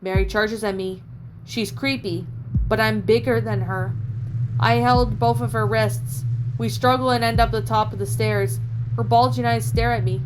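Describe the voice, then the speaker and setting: A woman's voice: on the high side, fairly even intonation, normal speed, noisy background. A woman reading a first-person horror story aloud as a channel host, in a dramatic storytelling manner. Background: background music.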